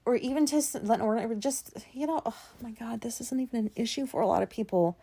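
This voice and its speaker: A woman in her thirties hosting a podcast, telling a personal story in a halting, anxious way, with many fillers and pauses. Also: a little high, creaky, warm tone, breathy edge. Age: 30s. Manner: anxious, self-deprecating. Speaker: podcast host. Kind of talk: rambling personal monologue.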